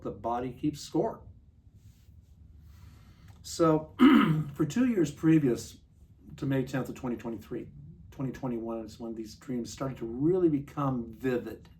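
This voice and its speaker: A man's voice: mid-range voice, darkish tone. Earnest man telling his recovery story. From Montana. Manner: earnest, confiding, slows down for vivid detail. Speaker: recovery speaker. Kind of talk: personal testimony talk. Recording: distant mic, faint room noise.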